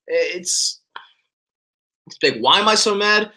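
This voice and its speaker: A man's voice: high voice, expressive, a little slow, long pauses, pushed and bright. A man ranting angrily about his football team while answering viewers' comments, swearing a lot and stumbling over his words. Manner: angry, profane, rambling with restarts. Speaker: sports fan streamer answering chat. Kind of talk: ranting live stream commentary.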